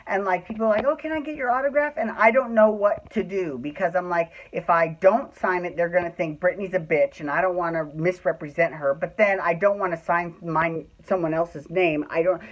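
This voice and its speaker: A man's voice: sits high, fairly even intonation, moderate pace, hardly any pauses, lo-fi sound. A man telling a personal story in a casual, chatty way, swearing freely and acting out what people said. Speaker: storyteller host.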